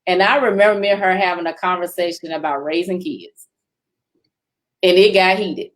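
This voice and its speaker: An American woman hosting a casual chat, telling a story in an animated way and often laughing. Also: medium pitch. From United States. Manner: animated, laughs often, acts out quoted voices. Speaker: host reading viewer questions.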